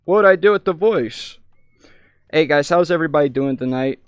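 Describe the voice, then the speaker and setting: A man's voice: a little high, a little fast, smooth, no room sound, faint music behind. A young American man rambling through stories in casual live-stream chat, often breaking off mid-sentence. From United States. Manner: rambling, self-interrupting storyteller.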